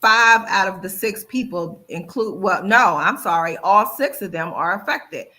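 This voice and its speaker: A woman hosting a casual talk show who talks in a lively way and acts out people's excuses as she goes. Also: mid-range voice, a little slow. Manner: animated, acts out quoted excuses, repeats "yada, yada". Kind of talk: casual chat.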